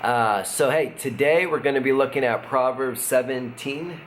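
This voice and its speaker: A middle-aged man, a pastor, giving a casual devotional talk in a relaxed, conversational way, with fillers and chuckles. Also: mid-range voice, moderate pace. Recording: faint background noise.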